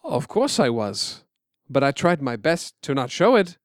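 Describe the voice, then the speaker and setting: A man's voice: medium pitch, very animated, a little slow, dry recording, clean studio sound. A man playing an elderly uncle fondly recalling his childhood, laughing and emotional. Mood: reminiscing. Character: elderly uncle, warm old male storyteller.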